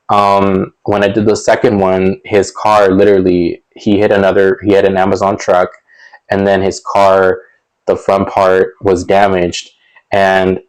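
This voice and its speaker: A young man spins a casual storytime tale in a slightly low voice. He rambles, circling back with fillers and restarts, and breaks into little chuckles between sentences. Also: a little mellow, poor audio. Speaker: storytelling vlogger.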